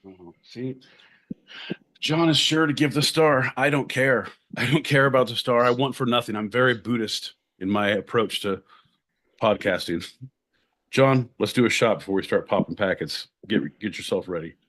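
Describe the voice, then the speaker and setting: A man from Southern California co-hosting a podcast with rowdy, jokey banter, switching between showman bursts and low mutters. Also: moderate pace, a bit bright. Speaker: podcast co-host.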